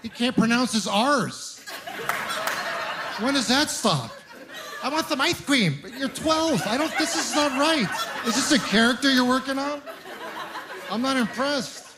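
High-voiced man doing stand-up. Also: measured pace, a loud crowd. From Ontario, Canada. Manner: animated, self-mocking storytelling with mock outrage. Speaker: stand-up comedian. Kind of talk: stand-up comedy set.

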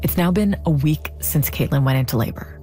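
A woman tells a true story in scripted, measured narration. Her voice is low and mellow, with a dark tone. Soft music sits faintly underneath. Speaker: podcast narrator.

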